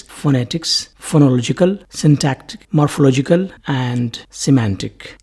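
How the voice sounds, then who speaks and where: A lecturer giving a recorded English-language lesson in a deliberate way, repeating key terms in lists. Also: mid-range voice, warm tone, slightly rough.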